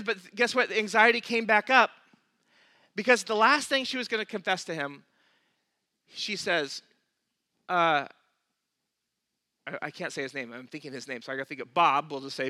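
A man preaching a sermon as pastor, telling a counseling story in an animated way, acting out the people's lines and laughing at himself. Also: high-pitched, normal speed, pauses often, no echo.

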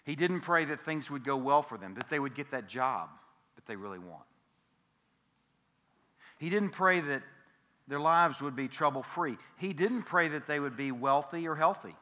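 A man preaching a sermon as pastor, emphatic, swinging between loud and hushed and repeating key phrases. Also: fairly high pitch, lively intonation, moderate pace, big-room sound. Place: church sanctuary.

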